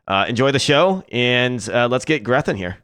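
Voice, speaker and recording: A man's voice: medium pitch, lively intonation, normal speed, a bit bright, clean tone, no echo, studio quality. A man hosting a live esports tournament stream, casual and joking with many fillers. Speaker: esports caster and host.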